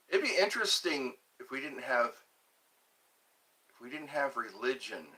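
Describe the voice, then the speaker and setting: A man's voice: medium pitch, very animated, takes it slowly, bright, forceful tone, breathy edge. A man from the hosting a casual livestream, rambling and reading chat messages aloud. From Georgia, USA. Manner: rambling, reads chat aloud, chuckles to himself. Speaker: livestream host. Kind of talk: casual live-stream chat.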